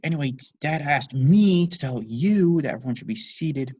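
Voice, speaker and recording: Deadpan know-it-all girl, sarcastic and precise, voiced by a man. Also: a little high, normal speed, slightly rough, dry recording, lo-fi sound, voice pushed up.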